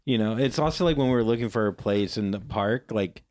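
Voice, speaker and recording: A man co-hosting a podcast, telling a rambling story in casual chat and acting out quoted voices in a higher pitch. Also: brisk, a little mellow, dry recording. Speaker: podcast co-host.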